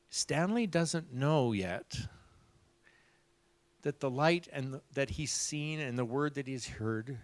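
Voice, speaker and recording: A man preaching a sermon, animated, acting out the people in his stories. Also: on the high side, no room sound. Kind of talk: sermon storytelling.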